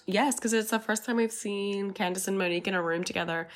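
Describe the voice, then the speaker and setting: Animated Australian woman podcaster. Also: mid-range voice, fast. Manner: animated, swears casually, quotes people in voices. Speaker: podcast co-host. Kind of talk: casual recap chat.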